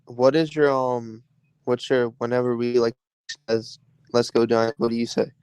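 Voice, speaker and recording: A man speaks as a casual guest, laid-back with a teasing edge. His voice is smooth and resonant, and it is recorded dry and close. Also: mid-range voice, fairly even intonation, normal speed, a little mellow, dry recording. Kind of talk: casual chat.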